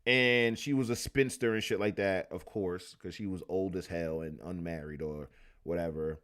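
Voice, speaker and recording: A man's voice: deep voice, fairly even intonation, moderate pace, fairly bright tone. A man hosting a casual livestream, reading old newspaper clippings aloud and retelling stories in loose, profane slang. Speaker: livestream host.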